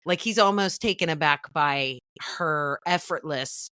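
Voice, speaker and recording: A woman's voice: low voice, a little slow, sharp tone, no echo, studio quality. A woman hosting a podcast, bubbly and gushing, laughing often in casual chat. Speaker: podcast host.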